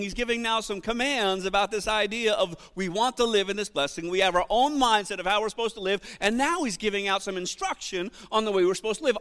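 A man preaches in a high, bright voice that rises and swells when he reads scripture. He asks his listeners questions as he goes. His voice rings out with the long reverb of a church hall. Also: a little fast. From United States. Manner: animated preaching, rising loud on scripture readings, asks the congregation questions. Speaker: pastor. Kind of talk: sermon.

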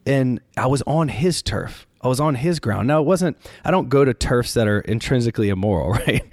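A man who is a priest talks easily in an interview, his pitch springing up whenever he voices someone in a story. His voice sits at a middling pitch, and the room sound is dry and close. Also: brisk, no room sound. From Louisiana. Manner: animated storyteller, jumps pitch for quoted voices. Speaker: Catholic priest, podcaster. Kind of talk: casual interview conversation.

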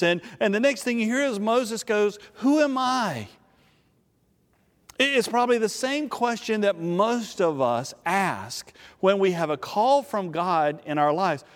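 A man preaching a sermon, telling a Bible story in an animated way and often repeating words as he restarts a thought. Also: high-pitched, long reverb tail. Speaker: pastor.

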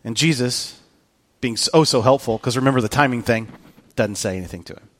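A man preaching a casual, storytelling sermon, acting out scenes and dropping into hushed tones for weight. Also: mid-range voice, fairly quick. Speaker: pastor.

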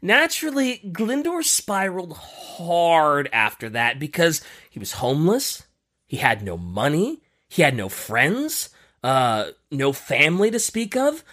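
A man hosting a casual podcast, telling a history story with lively emphasis and frequent fillers. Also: fairly high pitch, takes it slowly. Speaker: podcast host.

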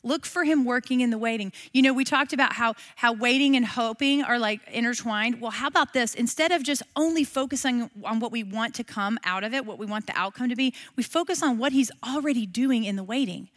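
A middle-aged woman leads a Bible class in an easy, talky manner. She keeps asking her listeners questions, and her voice sits fairly high. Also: fairly quick, few pauses, a bit bright. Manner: conversational, asks the listeners questions. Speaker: Bible teacher. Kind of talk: casual devotional teaching.

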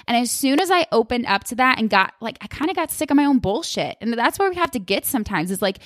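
A woman's voice: on the high side, sing-song, quick pace, few pauses, dry recording, studio quality. A woman hosting a solo podcast, talking candidly and expressively to her listeners and acting out her own past thoughts. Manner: calls listeners "you guys", curses casually. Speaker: podcast host. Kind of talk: casual solo podcast talk.

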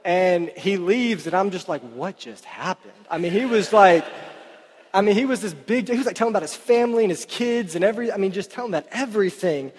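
A man preaching a sermon, telling stories in a chatty, animated way full of "like" fillers, in a church hall. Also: sits high, fast. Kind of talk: sermon storytelling. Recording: reverberant hall.

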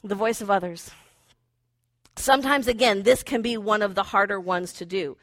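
A woman's voice: medium pitch, moderate pace, dry recording. A woman preaching a conversational sermon who acts out inner voices playfully.

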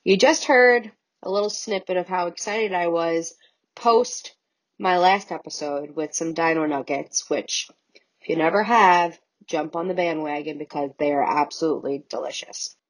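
A woman's voice: fairly low pitch, normal speed, low-quality recording. Chatty young woman podcaster, a bit sick. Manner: chatty, excited, swears casually. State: sick, voice cracking. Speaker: podcast host. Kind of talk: casual solo podcast chat.

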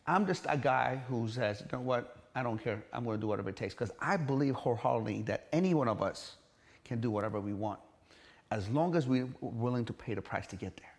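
His voice is mid-range and gravelly, his pace brisk: a middle-aged man from Iran sharing his journey as a gym entrepreneur in an interview. He speaks emphatically and bluntly, with swearing and acted-out quotes.

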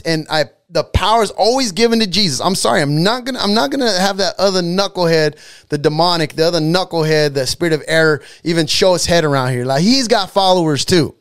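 A man preaching with fervor, his voice sitting high for a man. He talks in a loose, street-casual way and hammers points by repeating them. The sound is dry and close. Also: dry recording. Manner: impassioned, street-casual, repeats lines for emphasis. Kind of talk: sermon.

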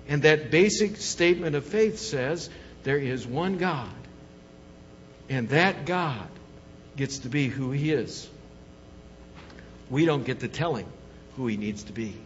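A man's voice: a little high, slight background noise. A pastor preaching an emphatic sermon, putting questions to his congregation. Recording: long hall reverb, dull lo-fi sound.

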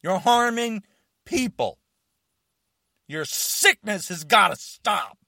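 A man delivering an angry, confrontational rant to camera, shouting and challenging his listeners. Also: high-pitched, animated, slow pace, gravelly, no echo, clean studio sound.

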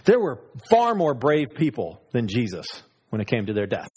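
A man preaching a sermon, moving between loud, high exclamations and low, hushed asides. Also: wildly swooping pitch, moderate pace, breathy edge. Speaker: pastor.

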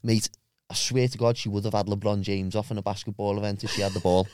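A man's voice: on the low side, quick pace, smooth, dry recording, clean studio sound. Crude young man telling stories. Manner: crude, laughing, animated anecdotes. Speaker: podcast guest, bodybuilder. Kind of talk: casual storytelling chat.

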